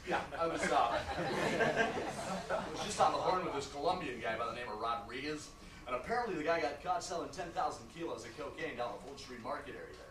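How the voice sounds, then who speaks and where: A man's voice: medium pitch, lively intonation, fast talker, voice pushed down, close to an everyday voice. A man voicing a chummy lawyer who rambles and chuckles through a story. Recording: echoey room, distant mic, noisy.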